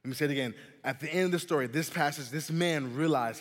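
A young man giving a youth sermon, telling a personal story in an animated, chatty way and often saying "man" and "listen". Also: a little high, quick pace. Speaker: youth pastor. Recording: long hall reverb.

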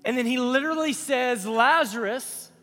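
A man preaching a youth sermon, moving between quiet pleading and loud calls. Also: very high voice, moderate pace, in a large hall, soft background music. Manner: builds from hushed pleading to loud shouting. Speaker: youth pastor.

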